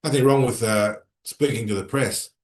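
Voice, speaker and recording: A middle-aged man with an Australian accent hosting a casual livestream from a room in a consulate, chatting and reading out viewer comments in an animated, rambling way. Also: medium pitch, normal speed. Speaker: livestream host. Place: room inside a consulate building. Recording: roomy echo.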